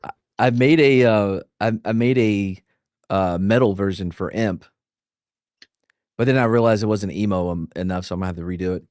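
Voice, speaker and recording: A man's voice: lowish voice, normal speed, darkish tone, no room sound, studio quality. A man co-hosting a casual podcast chat who jokes, laughs often and keeps restarting his sentences. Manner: slips into mock impressions. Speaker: podcast co-host.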